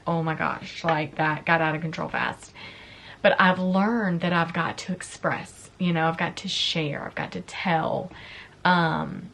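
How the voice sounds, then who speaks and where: Emotional woman vlogger, lowish voice. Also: fairly even intonation, slow pace, fairly bright tone. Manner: emotional, tearful storytelling. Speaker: beauty vlogger. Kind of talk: casual chat.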